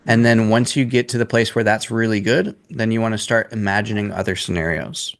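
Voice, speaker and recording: A man's voice: on the low side, steady tone, a little fast, gravelly, a bit bright. A man in his twenties coaching a sales class in a casual, blunt way, swearing freely. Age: 20s.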